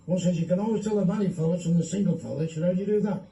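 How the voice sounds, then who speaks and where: Recorded from a distance on a phone in an echoey room, a man tells bawdy jokes with a high, mellow voice at a rapid-fire clip. He swears freely and switches voices for each character, and there's slight background noise.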